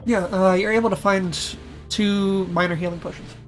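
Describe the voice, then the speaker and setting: A woman's voice: mid-range voice, steady tone, normal speed, soft background music. A woman as game master, narrating the scene casually with fillers and laughs.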